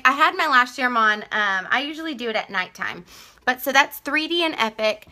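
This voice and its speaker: A woman's voice: high voice, lively intonation, brisk, bright, forceful tone. A woman with a Texan accent chatting casually on a live stream as she sells makeup, laughing often and greeting viewers by name.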